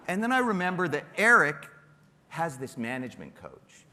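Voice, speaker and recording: A man telling an animated, self-mocking story on a panel and acting out the quotes. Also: high voice, moderate pace, long reverb tail, noisy background.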